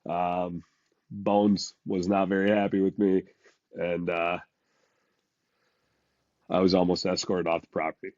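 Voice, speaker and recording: Casual podcast co-host, male, stuffy from a cold, low voice, halting delivery, dry lo-fi sound. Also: level tone, darkish tone, no room sound. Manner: halting, many fillers and restarts. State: congested from a cold. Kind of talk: casual chat.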